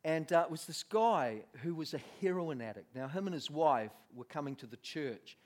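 A man's voice: on the high side, expressive, moderate pace, a little mellow. A man preaching a sermon, telling a story with lots of laughter and acted-out voices.

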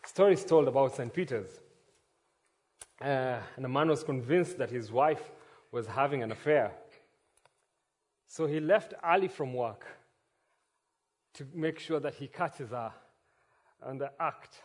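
A man pastor preaching a sermon, opening with a quiet prayer and then telling a joke story in an earnest manner. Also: medium pitch, unhurried, long pauses. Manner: earnest, storytelling, some restarts.

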